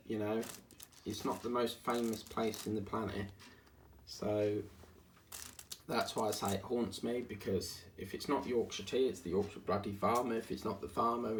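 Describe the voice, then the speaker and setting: Man, low voice, rambling casual chat, distant mic, faint hiss. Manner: rambling, chatty, grumbling asides. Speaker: diamond painting vlogger. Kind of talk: casual chat while crafting.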